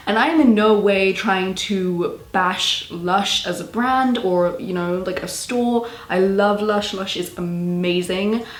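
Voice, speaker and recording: A woman's voice: medium pitch, roomy sound. Exasperated young British woman vlogger. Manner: animated, exasperated, laughing storytelling. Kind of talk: storytime vlog.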